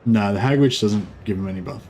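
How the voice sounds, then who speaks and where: A man's voice: lowish voice, quick pace, darkish tone. Rambling male game streamer. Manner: rambling, filler-heavy, explains game mechanics. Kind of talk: casual live-stream commentary.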